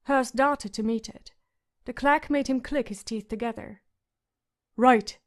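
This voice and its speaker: A woman's voice: on the high side, moderate pace. A woman reading a fantasy audiobook with dramatic narration.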